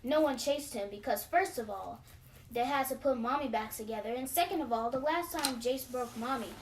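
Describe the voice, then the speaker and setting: A woman's voice: sits high, moderate pace, recorded from a distance, a little hiss or hum, rough recording. A woman reading her own children's story aloud in a playful, dramatic way.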